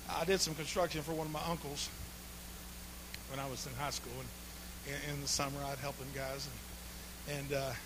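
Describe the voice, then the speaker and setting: A man preaches with a high, very bright voice. He tells folksy stories and breaks into sudden shouts and laughter. A faint hum sits under the recording. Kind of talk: humorous sermon.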